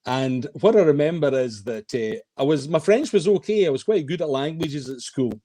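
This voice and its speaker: A man's voice: a little high, expressive, normal speed. An older man with a Scottish accent, a writer answering interview questions on a video call with long, anecdotal stories. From west of Scotland. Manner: warm anecdotal recounting. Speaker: guest writer. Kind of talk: storytelling interview.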